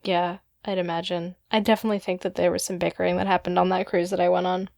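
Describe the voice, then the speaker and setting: A woman's voice: fairly low pitch, level tone, fast, vocal fry, darkish tone, no echo, clean studio sound. A young woman co-hosting a podcast, chatting casually about a book and hedging with many fillers. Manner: hesitant, many filler likes. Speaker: podcast co-host. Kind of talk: casual book discussion chat.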